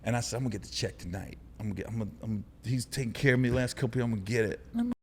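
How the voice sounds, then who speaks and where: A man guest on a podcast, telling funny stories in a loud, animated way and acting out other voices. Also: medium pitch, rapid-fire, big-room sound. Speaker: comedian guest. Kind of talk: casual podcast storytelling.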